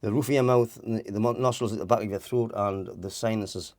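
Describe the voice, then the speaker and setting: A man's voice: fairly low pitch, fairly even intonation, fast talker, darkish tone, no room sound. Rambling man teaching voice, dry sound. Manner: rambling, restarts often, demonstrates vowels. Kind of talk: informal vocal lesson.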